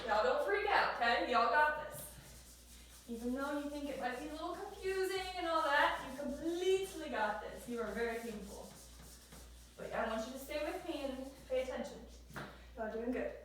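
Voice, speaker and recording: A high-pitched woman walks a class through grammar, coaxing and repeating questions. She sounds set back from the mic in a very echoey room with a faint hiss. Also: recorded from a distance. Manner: encouraging, repeats questions, drawls y'all. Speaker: teacher.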